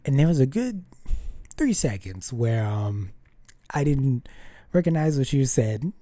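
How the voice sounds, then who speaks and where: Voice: mid-range voice, sing-song, unhurried, mellow, no room sound. A vlogger telling a rambling personal story to the camera, full of fillers and restarts, often acting out what people said. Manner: rambling, filler-heavy, acts out quoted dialogue.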